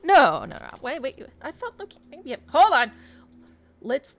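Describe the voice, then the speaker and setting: A woman's voice: sits high, huge pitch swings, unhurried, slight background noise. A young woman giving casual, giggly game commentary, rambling and correcting herself as she goes. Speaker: let's play streamer. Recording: dull lo-fi sound.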